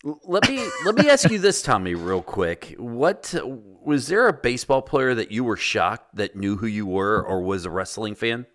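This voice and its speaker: Brief: male host, very low voice, eager rambling interviewer. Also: sing-song, normal speed, hardly any pauses, a bit bright. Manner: eager, long-winded questioning. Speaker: podcast host. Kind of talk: casual interview questions.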